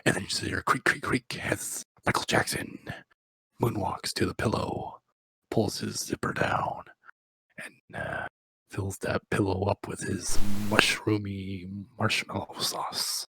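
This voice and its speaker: A man's voice: on the low side, measured pace, creaky, bright, forceful tone, breathy edge, dry recording. A man telling a rambling, crude, improvised comic story, often breaking into laughter.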